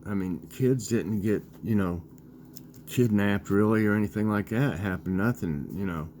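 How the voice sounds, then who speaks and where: With a lowish, slightly mellow voice and a bit of background noise, a man in his sixties vlogs casually. He tells a childhood story and discusses dinner, halting and rambling with many fillers.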